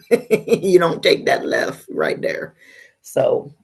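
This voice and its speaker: Low, unhurried woman co-host. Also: huge pitch swings, gravelly, a little mellow, breathy edge. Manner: candid, storytelling, drops to a whisper for gossip. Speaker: podcast co-host. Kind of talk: casual chat.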